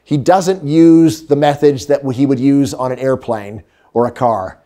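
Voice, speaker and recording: A middle-aged man giving a lively, humorous economics lecture. He acts out quotes and sometimes drops to a hush. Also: mid-range voice, measured pace. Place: lecture hall.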